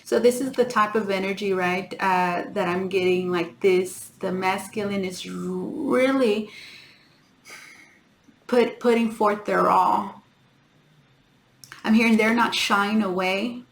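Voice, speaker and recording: A woman giving a tarot reading to her viewers, talking in halting starts and repeats and often addressing them as guys. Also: medium pitch, fairly even intonation, gravelly, echoey room, a little hiss or hum. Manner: halting, repeats herself, keeps saying "guys". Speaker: tarot reader.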